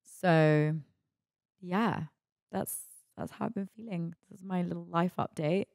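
A woman's voice: fairly low pitch, unhurried, gravelly, darkish tone, no echo, clean studio sound. A woman, hosting a podcast in a candid, chatty monologue full of "like" and "you know". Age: 20s. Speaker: podcast host.

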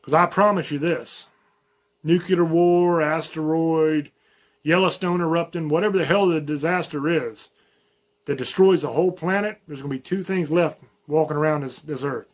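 Southern male host, light drawl, blunt and folksy, a touch higher-pitched, plainspoken monologue. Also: moderate pace. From American South, mountains. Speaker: channel host. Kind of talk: opinion monologue to camera.

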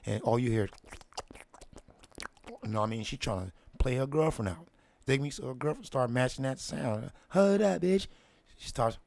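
A man spins a long story in loose street slang, checking in with "you know what I mean?" and sinking into hushed asides. His voice is gravelly, and it sounds close and dry, with no room around it. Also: medium pitch, no echo. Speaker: host telling a story. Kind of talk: casual slang-heavy storytelling.

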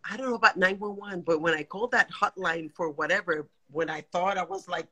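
A woman in her forties, calling into a live video chat, emotional and animated as she vents and laughs. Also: lowish voice, fairly quick. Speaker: guest caller on a live stream.

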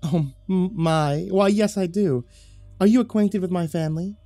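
A man voicing a prim, devout southern churchwoman in her middle years, raising his voice high and breathy. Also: moderate pace, dark tone, no room sound, soft background music. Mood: flustered.

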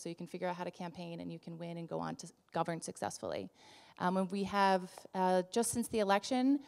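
A woman's voice: medium pitch, darkish tone. A woman in her thirties with a New Jersey accent giving an upbeat, chatty live introduction full of ums, in a large hall. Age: 30s. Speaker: event introducer. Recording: echoey hall with long reverb.

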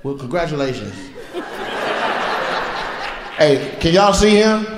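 A man doing stand-up crowd work, teasing audience members with animated banter on a theater stage. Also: a little high, slow. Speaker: stand-up comedian. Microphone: handheld stage mic. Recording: echoey live theater with noise. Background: audience laughter.

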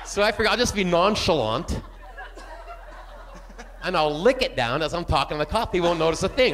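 A man doing a stand-up comedy set, animated and jumping into shouted bits. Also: high-pitched, fairly quick, long pauses, noisy background.

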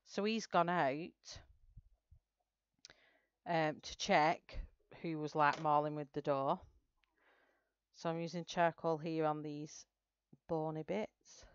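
A woman's voice: sits low, fairly even intonation, slow, long pauses, smooth, no echo, lo-fi sound. A woman chatting casually with viewers while she colors, telling a story. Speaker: artist livestreaming a coloring session.

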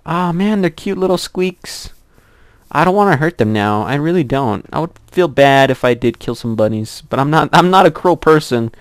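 A man's voice: expressive, a little fast, hardly any pauses, clear, resonant tone, no echo. Young male gameplay commentator, rambling, laughing often, dry close sound. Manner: chatty, giggly, rambling to himself; squeals in a high voice at cute animals.

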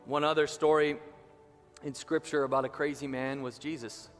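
A man preaching a sermon as pastor, impassioned, slowing down and rising for emphasis. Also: a little high, level tone. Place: church sanctuary. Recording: reverberant church hall with music behind.

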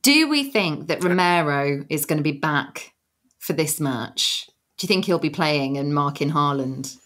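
A woman's voice: deep voice, animated, a little slow, a bit bright. A woman co-hosting a casual football podcast, chatting, asking questions and analysing play. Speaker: podcast co-host, presenter.

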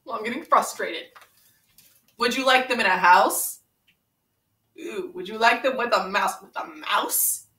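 Playing a pun-loving, brash young woman brawler for a comedic fan parody, a woman reads aloud from a picture book in a sing-song voice, teasing, impatient and playful. Her voice is mid-range, pushed and bright, at a measured pace with frequent pauses. The camera mic sits far away in a roomy room.

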